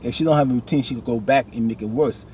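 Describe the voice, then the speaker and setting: Man, casual TV recap, animated, faint background hiss. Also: mid-range voice, quick pace. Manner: animated, talks back to characters with rising outbursts. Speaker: TV recap vlogger.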